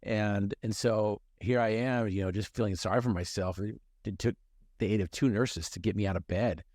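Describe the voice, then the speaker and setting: A man's voice: fairly low pitch, steady tone, normal speed, darkish tone, no echo, studio quality. A middle-aged man telling his personal story in a conversation, earnest and emphatic, repeating phrases for effect.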